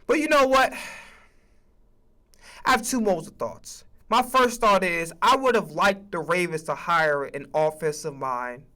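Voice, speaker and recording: A man with a high, bright voice rants about football on his stream. He talks emphatically and swears often, tripping over quick restarts as he builds his points. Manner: emphatic, profane, animated, with frequent stammered restarts. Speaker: streamer and sports commentator. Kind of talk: casual sports rant.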